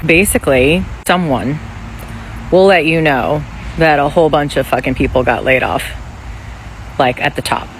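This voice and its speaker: A laid-off office worker vlogs in a loose, rambling way, swearing freely as worry runs through the talk. The voice sits at a middling pitch and keeps an anxious edge. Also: normal speed, long pauses, a little hiss or hum, low-quality recording. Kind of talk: casual selfie vlog.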